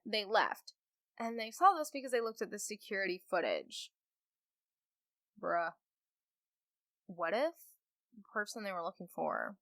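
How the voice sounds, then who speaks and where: A young woman hosting a podcast, telling work stories in a casual, animated way with lots of fillers and acted-out quotes. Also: fairly high pitch, no echo, studio quality. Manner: chatty, animated retelling with fillers and voiced quotes. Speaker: podcast host. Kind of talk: casual storytelling.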